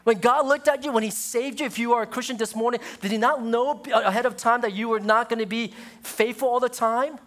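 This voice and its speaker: A male pastor preaching a sermon, moving from loud, high exclamations to low, hushed passages. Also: steady tone, brisk, few pauses.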